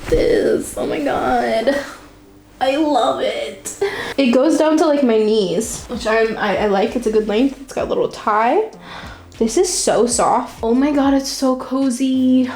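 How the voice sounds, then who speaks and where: A woman's voice: a little high, unhurried. Gushing young woman in an echoey room. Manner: gushing, excitable, laughs often, says "oh my God" a lot. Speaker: vlogger unboxing a subscription box. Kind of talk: casual unboxing chat. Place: home room, seated on a chair.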